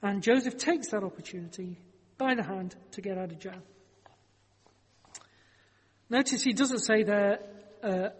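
A man's voice: sits high, unhurried, pauses often, breathy edge, in a large hall. A man preaching a sermon, telling a Bible story in a conversational way with wry joking asides.

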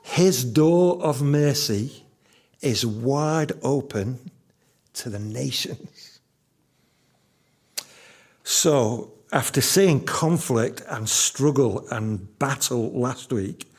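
Slow, emphatic male preacher. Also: medium pitch, slightly rough. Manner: slow, emphatic, repeats key lines. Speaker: pastor. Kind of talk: sermon.

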